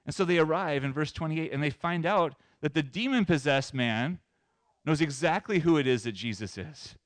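A man pastor preaching a sermon in an animated way, moving between loud emphasis and soft asides. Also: a little high, moderate pace, no room sound.

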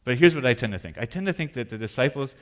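Animated man preaching a sermon. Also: mid-range voice, fast. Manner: animated, acts out panicked voices. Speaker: pastor.

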